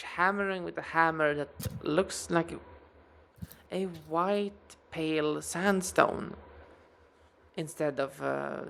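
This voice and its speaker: A woman narrating as game master of a dark fantasy tabletop game, in slow, halting descriptions. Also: deep voice, creaky, slight background noise.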